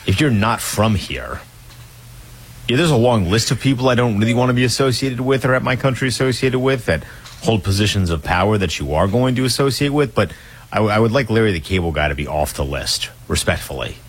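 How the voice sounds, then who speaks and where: A man co-hosting sports talk radio, speaking in a measured, dry and slightly hesitant way. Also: on the low side, breathy edge. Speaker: radio co-host.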